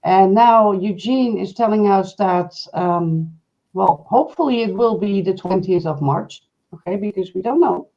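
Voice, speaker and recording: A woman's voice: mid-range voice, lively intonation, a little slow, mellow. Woman co-host, direct and matter-of-fact, heard over a dull lo-fi line. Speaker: co-host answering viewer questions. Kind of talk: live stream Q&A.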